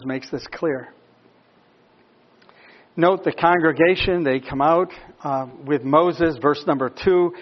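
A man's voice: on the high side, muffled recording. A man preaching a sermon, reading scripture and pressing his listeners with repeated questions. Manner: rises from quiet explanation to emphatic questioning. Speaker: pastor.

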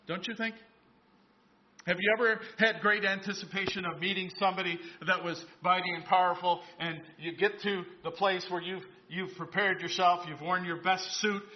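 A high-voiced man preaching a sermon in a church, recorded with a dull, lo-fi sound. He retells a Bible story in a conversational way and stops to ask the congregation questions. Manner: storytelling, voices biblical characters in asides. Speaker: pastor.

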